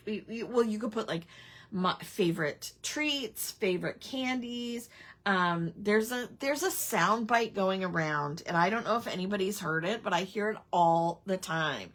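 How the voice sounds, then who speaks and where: A woman with a medium-pitched, slightly bright voice hosts a casual live crafting stream. She rambles with plenty of ums and chats back to viewers' comments.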